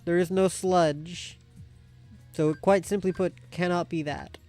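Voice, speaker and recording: A woman guest on a let's-play, telling rambling stories and teasing the player with deadpan remarks. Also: on the low side, takes it slowly, soft background music. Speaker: guest co-host. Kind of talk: casual let's-play banter.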